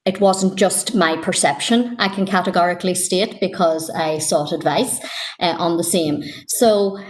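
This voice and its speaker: A Northern Irish woman councillor speaking in a council meeting, frustrated and emphatic, pausing on fillers. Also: on the low side.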